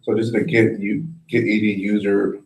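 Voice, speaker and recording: A hesitant, plain-spoken man explains things in a casual meeting. His voice is low and mellow. A roomy echo surrounds him. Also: flat delivery, a little fast. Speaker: user group member.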